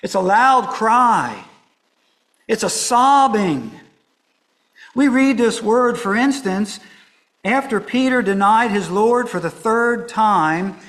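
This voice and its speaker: A man preaching a sermon, walking through a scripture passage verse by verse, dropping to soft hushed lines and rising to emphatic ones. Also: high voice, low-quality recording.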